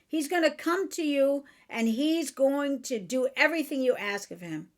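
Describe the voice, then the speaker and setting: A woman's voice: high-pitched, animated, moderate pace. A woman imitating her older immigrant mother, who gives blunt advice in broken English. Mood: insistent.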